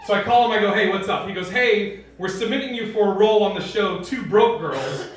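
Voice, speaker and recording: High-voiced profane stand-up comic in an echoey club. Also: male voice, fairly quick. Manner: laughing through punchlines, profane. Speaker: stand-up comedian. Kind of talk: stand-up set. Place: comedy club stage. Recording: echoey club mic from far off, loud room noise.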